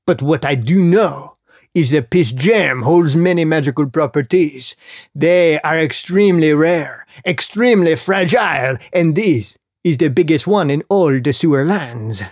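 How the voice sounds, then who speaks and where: A man's voice: on the high side, lively intonation, no echo, studio quality. A man voicing a fussy male cockroach shopkeeper with a French-Canadian accent, given to angry screaming, in a comic storybook. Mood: salesy. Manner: salesy, quick to scream in anger.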